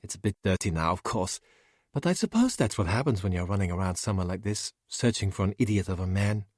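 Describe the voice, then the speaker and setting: A man's voice: low-pitched, expressive, quick pace, darkish tone, dry recording, clean studio sound. A man voicing a chatty, vain young woman with breezy, exasperated talk in a storybook.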